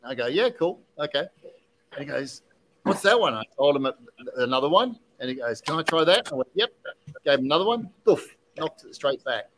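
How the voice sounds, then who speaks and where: A man hosting a podcast, telling an animated story casually with many restarts and asides. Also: medium pitch, a little fast, poor audio. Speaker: podcast host, whiskey distiller.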